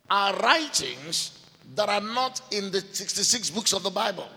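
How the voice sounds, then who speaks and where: A man teaching a sermon in a deliberate way, repeating key phrases and spelling out names letter by letter. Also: high voice, gravelly, sharp tone. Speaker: preacher. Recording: long hall reverb.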